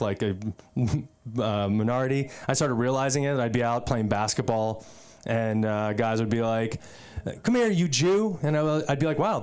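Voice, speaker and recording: A man's voice: medium pitch, a little mellow, smooth. A man from the US East Coast doing a stand-up set at an open mic, talking in a loose, rambling way full of fillers and asides. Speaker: stand-up comedian. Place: comedy club stage.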